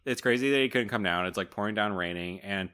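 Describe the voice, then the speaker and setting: A man co-hosting a podcast, recapping a movie in casual chat and acting out characters in quick bits, laughing often. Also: on the low side, pushed and bright, clear, resonant tone. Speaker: podcast co-host.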